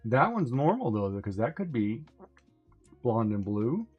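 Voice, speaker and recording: Casual male co-host, chatty storyteller, mid-pitched, faint music behind. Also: very animated, unhurried, breathy edge, lo-fi sound. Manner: storytelling, acts out voices, laughs often. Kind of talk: casual chat.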